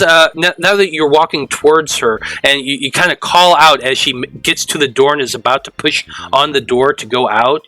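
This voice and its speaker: A man narrating as game master, halting and full of fillers as he describes scenes. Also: medium pitch, pushed and bright, no echo, rough recording.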